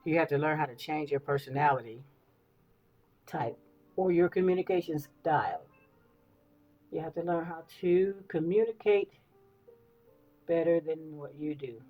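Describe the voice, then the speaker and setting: Woman, 50s, casual vlog talk, animated storyteller, repeats herself, slightly muffled audio, faint music. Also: low voice, a little slow, long pauses. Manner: animated storyteller, repeats phrases, checks in with listeners. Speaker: beauty vlogger. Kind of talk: casual get-ready-with-me talk.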